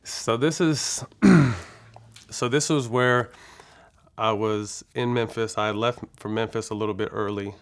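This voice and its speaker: This interview guest, a Californian who once played basketball, speaks slowly in a steady, low, gravelly voice. He relates a personal story in a laid-back, casual way, peppered with fillers and curse words.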